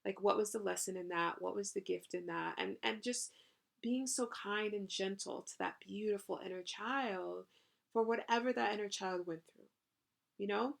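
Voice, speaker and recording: A woman's voice: medium pitch, fairly even intonation, moderate pace, creaky. A woman hosting a channeled spiritual podcast, talking effusively with casual swearing and lots of "you know" and "right?". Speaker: podcast host and spiritual coach.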